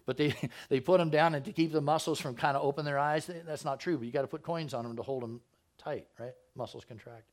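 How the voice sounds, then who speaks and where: A man's voice: fairly high pitch, fairly even intonation, fast talker. A man preaching as a pastor, casual and joking with slangy asides, who also reads scripture aloud and stumbles over the names. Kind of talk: sermon.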